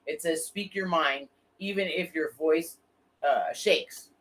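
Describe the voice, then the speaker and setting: A woman hosting a casual motorcycle talk show, telling lively stories and swearing freely. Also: sits low, slow. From Florida. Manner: animated storyteller, swears freely. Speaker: podcast host. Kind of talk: casual chat.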